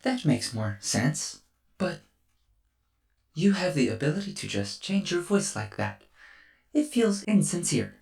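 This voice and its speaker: A man voicing a small, bubbly robot child who speaks in flat, literal, formal phrases. He is a game master playing this figure in a tabletop game. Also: a little high, a little slow, vocal fry, long pauses, faint music behind, voice pushed up, heavily acted. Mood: earnest. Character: cheerful small robot child, blunt and curious.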